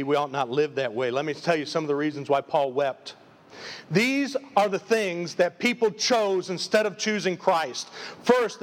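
A man preaching a live sermon as pastor, emphatic and full of repeated rhetorical questions. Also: on the high side. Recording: long reverb of a large hall.

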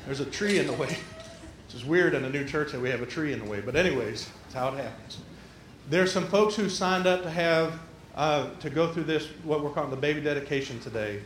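A man's voice: on the high side, a bit bright, slight background noise. A man preaching a sermon, folksy and conversational, with a church's roomy echo. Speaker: pastor. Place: church sanctuary.

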